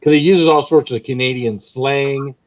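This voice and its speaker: A man's voice: medium pitch, steady tone, normal speed, poor audio. A man chatting casually on a live stream, eager to share a joke.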